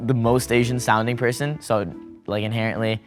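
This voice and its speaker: A man's voice: medium pitch, little pitch movement, a little fast, soft background music. A man raised in India and born in the US, chatting casually and joking in a group discussion. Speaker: panel participant.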